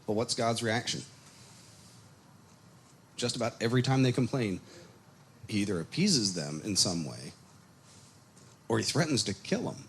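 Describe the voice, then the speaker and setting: A man teaching a casual Bible study on a microphone, animated and storytelling. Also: lowish voice, normal speed, pauses often, a little hiss or hum. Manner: animated storytelling, acts out quotes, chuckles. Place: congregation meeting room. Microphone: microphone on a PA system.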